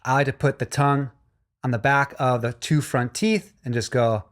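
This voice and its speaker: A man's voice: mid-range voice, steady tone, normal speed. Male vocal instructor, mid-range voice, encouraging course narration. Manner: encouraging, demonstrates hums and sung lines.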